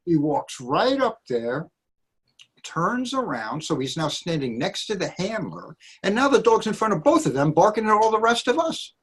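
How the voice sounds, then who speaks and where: Animated husky-voiced man telling stories. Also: sits high, moderate pace. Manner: animated storyteller, acts out quotes. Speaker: dog trainer panelist. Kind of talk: casual panel discussion.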